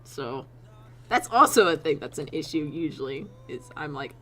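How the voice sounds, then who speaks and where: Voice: medium pitch, sing-song, moderate pace, bright, forceful tone, faint music behind. A streamer chatting casually to their chat, rambling with frequent laughs and casual swearing.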